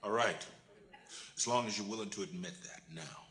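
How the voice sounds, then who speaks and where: An actor in a film clip giving bossy orders. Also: male voice, fairly low pitch, normal speed, fairly bright tone, roomy sound, lightly acted. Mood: commanding. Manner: bossy, commanding.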